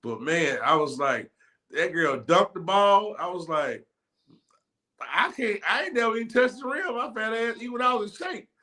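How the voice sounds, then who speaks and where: A man's voice: high voice, animated, moderate pace, bright, forceful tone. A man hosting an interview, laid-back and rambling with slang. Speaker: host. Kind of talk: casual interview chat.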